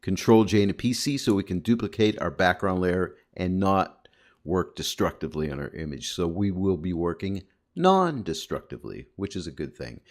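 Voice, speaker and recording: Upbeat deep-voiced male tutorial host. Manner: upbeat, chatty, addresses viewers as guys. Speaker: photo editing instructor. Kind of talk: screen-recorded software tutorial.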